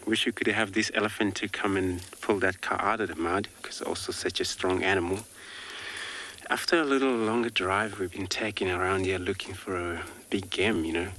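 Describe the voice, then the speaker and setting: A low-pitched male safari guide talks viewers through a live game drive. His delivery is relaxed and chatty, peppered with filler words. Faint outdoor ambience sits quietly behind him. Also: slight background noise. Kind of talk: live wildlife commentary.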